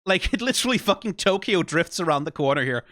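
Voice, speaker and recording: Bright animated man reacting to anime. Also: high voice, quick pace, dry recording, clean studio sound. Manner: animated, repeats "right?", laughs often, swears. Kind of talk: casual reaction commentary.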